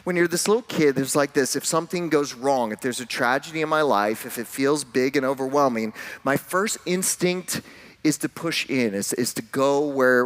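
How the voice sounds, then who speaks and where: A man, a pastor, preaching a sermon in a relaxed, conversational way, telling a personal story with light self-deprecating humor. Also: mid-range voice.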